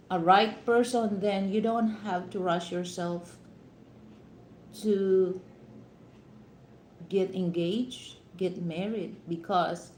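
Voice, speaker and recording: A woman's voice: mid-range voice, darkish tone, slight background noise. A woman from the Philippines with a Filipino accent, giving advice to her viewers in a casual live-stream talk, full of "you know" fillers. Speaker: vlogger. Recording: echoey room.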